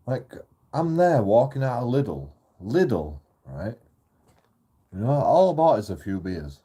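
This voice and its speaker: A man's voice: medium pitch, dark tone, breathy edge. A man telling a sweary, rambling, indignant story in a casual vlog. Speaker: YouTube auditor and streamer.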